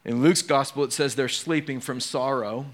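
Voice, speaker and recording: In a mid-range voice and at a moderate pace, a male pastor delivers a lively sermon. He alternates between quiet and forceful delivery and addresses questions directly to the congregation.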